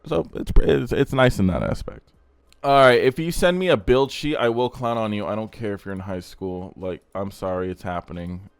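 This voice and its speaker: A man's voice: lowish voice, no room sound. A young man hosting a car channel, giving blunt, crude, rambling casual commentary.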